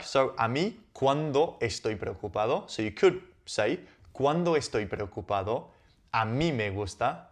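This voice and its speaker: A man teaching Spanish, walking slowly through on-screen sentences and repeating each phrase before translating it. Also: medium pitch. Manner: patient, repeats phrases, thinks aloud.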